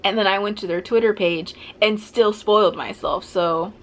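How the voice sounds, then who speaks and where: A woman's voice: mid-range voice, normal speed, fairly bright tone. A young woman vlogger chatting casually through a TV recap, full of "like" and playful asides. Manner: chatty, with upbeat fillers like "like" and "blah, blah". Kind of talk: casual chat.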